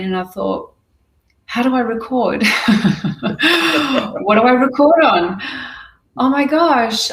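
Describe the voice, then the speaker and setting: Brief: candid, lively woman guest, bright higher pitch, recorded off-mic in a roomy space. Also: recorded from a distance. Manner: lively, candid, full of restarts. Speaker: podcaster guest. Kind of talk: casual interview storytelling.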